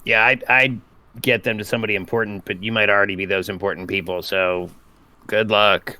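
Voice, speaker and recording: A man playing a tabletop game in character, joking with playful quick asides. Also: on the low side, steady tone, sharp tone. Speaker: player.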